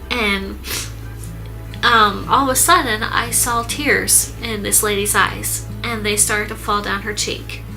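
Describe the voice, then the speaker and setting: Woman vlogger, bright and clear tone, soft and earnest, hesitant storytelling with lots of pauses. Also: mid-range voice, steady tone, soft background music, low-quality recording. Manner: halting, with many pauses and fillers. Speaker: vlogger recounting her mother's illness. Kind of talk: personal storytelling vlog.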